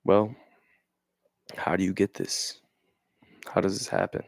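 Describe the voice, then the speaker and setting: A man's voice: sits low, very animated, takes it slowly, creaky, dry recording. A young man in casual talk, reading passages aloud and riffing on them in a rambling, slangy way, often asking "right?". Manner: reads passages aloud then riffs on them. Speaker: vlogger. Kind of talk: casual explanatory monologue.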